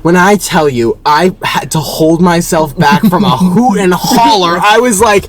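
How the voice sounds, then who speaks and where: Young guy with a high voice spinning an exasperated, animated rant. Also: measured pace, poor audio. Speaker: storyteller in reacted video. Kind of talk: casual storytelling.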